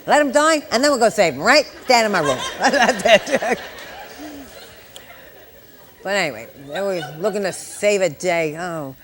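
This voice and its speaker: An older woman in her sixties leads a live exam-prep lecture for nurses. She teaches with a steady stream of jokes and chatty asides to the class. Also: medium pitch, unhurried, long pauses, a faint crowd. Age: 60s. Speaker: nurse educator.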